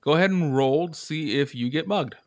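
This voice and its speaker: A man's voice: on the high side, no echo, studio quality. Man narrating a tabletop game. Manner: descriptive, unhurried with fillers. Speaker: game master.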